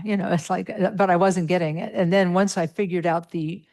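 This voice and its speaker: A woman's voice: lowish voice, fairly even intonation, brisk, a little mellow. A middle-aged woman teaching a Buddhist meditation class, patiently walking through pronunciation with many fillers.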